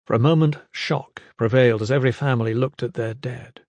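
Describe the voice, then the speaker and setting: Man narrating a dark fantasy audiobook. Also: medium pitch, steady tone, brisk, hardly any pauses, no echo.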